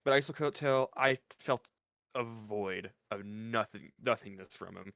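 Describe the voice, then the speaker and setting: A man speaks as a player in a tabletop game, hesitant and rambling. His voice is low and gravelly. The mic sounds dull and lo-fi. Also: measured pace, a bit bright, no echo. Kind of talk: casual tabletop play.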